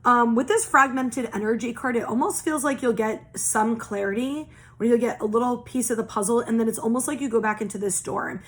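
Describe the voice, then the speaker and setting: A woman's voice: on the high side, brisk, hardly any pauses. A young woman giving a casual spiritual oracle reading, earnest and reassuring, repeating phrases in long lists and swearing casually. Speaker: tarot and oracle reader.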